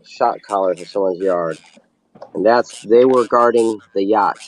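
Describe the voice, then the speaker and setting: A man's voice: on the low side, a little slow, slight background noise, poor audio. A man in a casual chat, telling a rambling story in an easygoing way.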